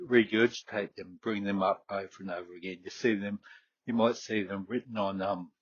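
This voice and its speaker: Middle-aged Aussie host from Queensland, low husky voice, chatty and halting, muffled close mic. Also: no echo. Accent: Queensland Australian. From Queensland, Australia. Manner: rambling, hesitant, many fillers and restarts. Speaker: fitness podcast host. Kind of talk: casual solo talk.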